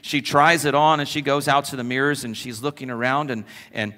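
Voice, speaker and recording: A man preaching a sermon as pastor, animated and conversational, telling stories to his congregation in a church sanctuary. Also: medium pitch, fairly quick. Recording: long church reverb.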